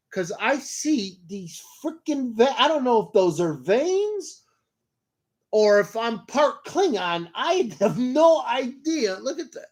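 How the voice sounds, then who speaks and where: Male motivational podcast host, loud and hyped, profane, jokey, speaking to camera indoors. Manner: loud, high-energy, swearing, jokey. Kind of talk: motivational casual talk.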